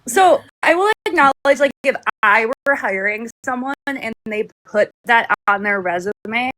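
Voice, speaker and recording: A woman's voice: medium pitch, fairly bright tone, no echo. A woman co-hosting a live stream, chatting casually in a rambling way with lots of filler words. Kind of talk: casual chat.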